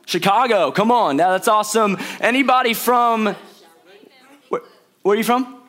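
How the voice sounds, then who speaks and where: A young pastor from St. Louis, Missouri, preaches to a congregation in a church auditorium, mixing chatty storytelling with playful asides. His voice sits high and a bit bright, at normal speed.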